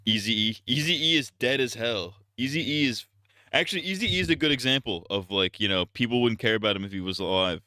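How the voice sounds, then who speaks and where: A man's voice: medium pitch, animated, brisk, pushed and bright, dry recording, clean studio sound. A man streaming live, ranting casually in a profane, rambling, blunt way.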